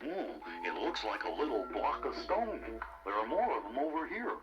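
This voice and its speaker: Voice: mid-range voice, sing-song, moderate pace, lo-fi sound, close to an everyday voice. Grubby, un actor haciendo un bicho glotón. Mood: chatty. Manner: greedy, easygoing, talks with mouth full. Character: hungry cheerful male caterpillar-like creature. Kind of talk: storybook cassette acting. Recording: loud music bed.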